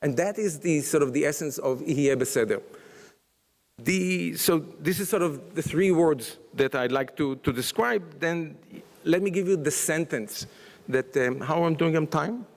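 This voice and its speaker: A man's voice: fairly high pitch, measured pace, vocal fry. A man giving a conference panel talk, hesitant with many fillers and restarts, in a conference hall. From Israel. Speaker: panel speaker. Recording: long reverb of a large hall.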